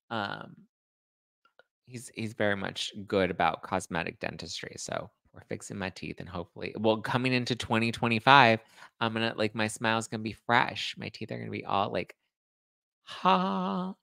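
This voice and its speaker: A young man chats casually with his livestream audience, reading comments and riffing on them in a rambling, self-deprecating way. His voice sits low with a gravelly edge and a faint lisp, recorded close in a dry space. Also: moderate pace, pushed and bright, no echo. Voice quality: slight lisp. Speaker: podcast host reading live chat.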